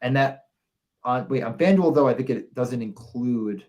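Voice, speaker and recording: A young man from the Buffalo area of New York co-hosts a casual betting podcast, thinking aloud over the odds. His mid-range voice is a little mellow and moves at a moderate pace.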